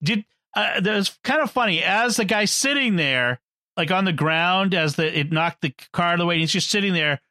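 A man's voice: sits high, lively intonation, normal speed, sharp tone, dry recording, clean studio sound. A man in a casual film discussion, retelling the plot, acting out the characters' lines and laughing often. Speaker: podcast co-host.

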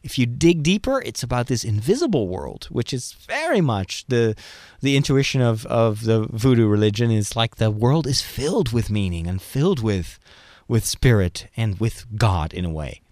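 In a dry, studio-quality recording, this male podcast host talks movies in a mid-range, sing-song voice that's a little mellow, at a moderate pace. His delivery is casual and eager, full of restarts as he works through ideas aloud.

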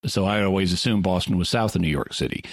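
A man's voice: low voice, fast talker, dry recording, clean studio sound. A man co-hosting a podcast, explaining things at length in a thoughtful, casual way, often stopping to rephrase. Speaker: podcast co-host. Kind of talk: casual discussion. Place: lives in the Ozarks.

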